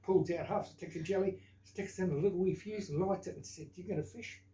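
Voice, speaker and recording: An older man with a New Zealand accent casually tells family stories and jokes in an echoey room, wandering into asides with "right?" and "eh?". His voice is high-pitched, steady and warm, and a little fast.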